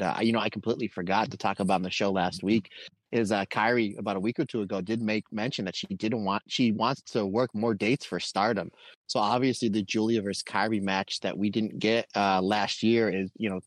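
A man with a fairly low voice talks through a podcast in a loose, chatty way, animated as he retells things and tosses asides to his listeners. His voice sounds close and dry, with no room around it. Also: no echo. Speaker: podcast co-host. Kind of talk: casual podcast chat.

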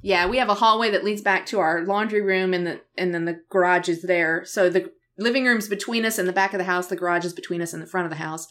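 Brief: middle-aged woman podcast co-host, animated chatty storyteller, laughs a lot. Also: on the low side, fast talker, few pauses. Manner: animated storyteller who laughs often and acts out quotes. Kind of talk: casual podcast chat.

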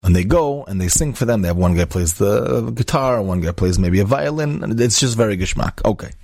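Rabbi storyteller, male, deep husky voice, dry close sound, acts out the characters' lines. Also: animated, brisk, a little mellow, dry recording. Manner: peppers speech with Hebrew and Yiddish words. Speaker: rabbi and inspirational speaker. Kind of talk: storytelling talk.

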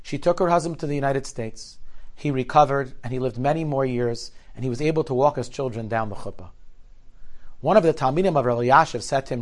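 A man telling a story in a sermon, earnest and dramatic, often dropping to a hushed voice before building to forceful emphasis. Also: medium pitch, brisk.

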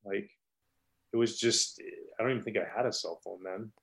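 A former pro pitcher recounts stories at a normal speed during a casual interview. He gets animated and wanders, frequently starting his thoughts over.

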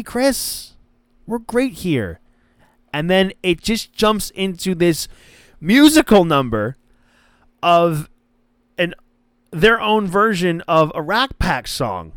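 A man's voice: fairly high pitch, smooth, dry recording, studio quality. Rambling man hosting a wrestling podcast. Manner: rambling, stumbles and restarts, mimics wrestlers' lines. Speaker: podcast host. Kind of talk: casual wrestling podcast commentary.

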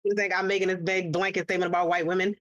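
A woman's voice: fairly low pitch, level tone, rapid-fire, no echo, dull audio. Woman co-host, frank storyteller, dry close mic. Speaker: podcast co-host. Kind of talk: casual podcast chat. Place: studio couch.

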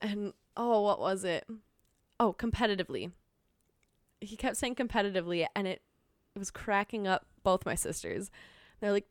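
A young woman chatting as a podcast guest, telling stories in rambling, animated bursts that jump between tangents. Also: mid-range voice, moderate pace, pauses often, no echo, clean studio sound. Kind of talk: casual chat.

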